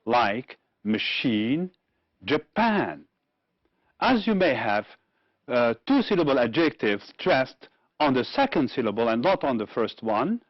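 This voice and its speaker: A man with an Algerian accent teaching English pronunciation on a televised lesson, explaining slowly and deliberately. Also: mid-range voice, no echo. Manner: slow, deliberate explanations with some restarts. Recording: dull, slightly lo-fi dry studio sound.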